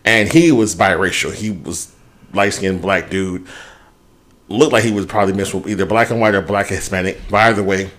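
Man, low-pitched, podcast co-host, casual, candid, swears freely. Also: fairly quick, fairly bright tone. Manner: candid, swears freely, talks through a hard day at length. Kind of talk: casual chat.

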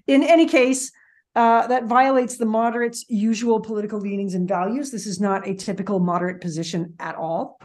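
A woman's voice: medium pitch, steady tone, fairly quick, darkish tone. A woman hosting a podcast, recapping a TV series in casual, opinionated chat, full of "like" and "um". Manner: chatty and opinionated, with frequent "like" and "um". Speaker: podcast host.

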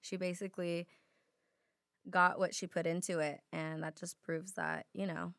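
A young woman co-hosting a podcast in casual chat, her voice a bit hoarse from a sore throat. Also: on the low side, a little slow, dry recording, clean studio sound. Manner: relaxed, chatty, lots of fillers. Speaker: podcast co-host.

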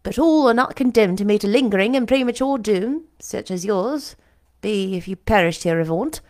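A woman voicing a calm, authoritative young gentleman in an audiobook, speaking in a measured way. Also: mid-range voice, close to an everyday voice. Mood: grave. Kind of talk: audiobook character reading.

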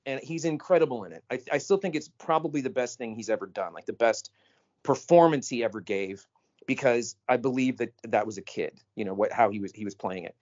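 A man co-hosting a podcast in casual chat, animated and emphatic, often cutting in. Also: mid-range voice. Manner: animated, emphatic, quick to interrupt. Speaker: podcast co-host. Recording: slightly dull lo-fi audio.

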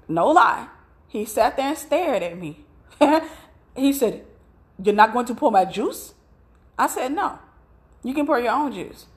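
A middle-aged woman preaching in a conversational, storytelling way, telling about her own marriage. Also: medium pitch. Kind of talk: sermon with personal story.

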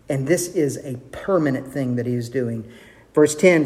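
A man preaching a sermon as pastor, earnest, with shifts of pace and soft, hushed quoted lines. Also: mid-range voice, normal speed. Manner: earnest, varies pace, drops to soft intimate tones for quotes. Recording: long hall reverb.

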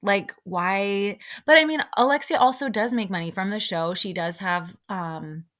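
A woman's voice: medium pitch, moderate pace. A young woman hosting a podcast, giving a casual, opinionated recap of a reality show and quoting people along the way. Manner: chatty and opinionated, many fillers, quotes people in lively put-on voices. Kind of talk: casual chat.

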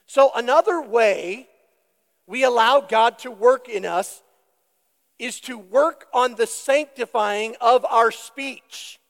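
A male pastor delivers a sermon in a high voice with a gravelly edge, taking it slow. His manner is deliberate and emphatic, and he turns to the congregation with questions. The sound carries the long reverb of a church sanctuary. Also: fairly bright tone.

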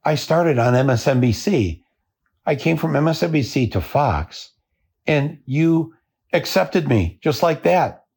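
Man doing a sneering TV anchor, high and scornful, husky underneath. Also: expressive, a little slow, a little mellow, full character voice. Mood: mocking. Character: scolding male TV anchor berating viewers.

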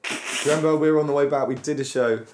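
A man's voice: a little high, fairly even intonation, racing, noisy background. A man from England co-hosting a podcast, chatting casually in a rambling, self-interrupting way and laughing often. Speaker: podcast co-host. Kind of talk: casual banter.

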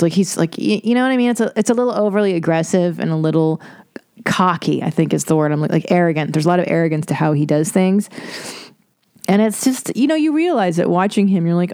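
Woman podcast host, low-pitched, swearing and rambling through an animated solo chat; dry, close mic. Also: quick pace, clear, resonant tone, no room sound. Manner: profane, rambling, animated with sarcastic asides. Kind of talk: casual monologue.

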